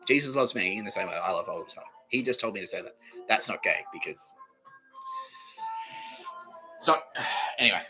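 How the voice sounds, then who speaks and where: A man's voice: lowish voice, lively intonation, moderate pace, pauses often, music in the background. A man hosting his own podcast, rambling and swearing through a solo monologue that keeps contradicting itself. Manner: profane, rambling, self-contradicting. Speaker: podcast host. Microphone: talking to camera.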